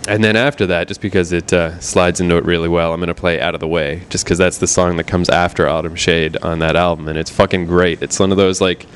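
A man's voice: low-pitched, level tone, fast talker, hardly any pauses, slight background noise. A man who works as a projectionist hosts a show and rants casually, swearing constantly. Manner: swears constantly, irritated ranting. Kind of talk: casual profane rant.

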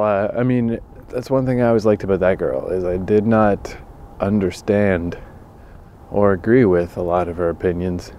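A man's voice: low voice, dark tone, slight background noise. A tired man hosting his own podcast, rambling on his own, self-deprecating and swearing often. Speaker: podcast host. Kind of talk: rambling solo monologue.

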